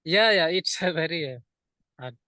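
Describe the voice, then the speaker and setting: A man's voice: fairly high pitch, expressive, moderate pace, bright, forceful tone, no room sound, studio quality. A man from India studying English, answering hesitantly in short replies with fillers. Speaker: English student. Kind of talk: lesson conversation.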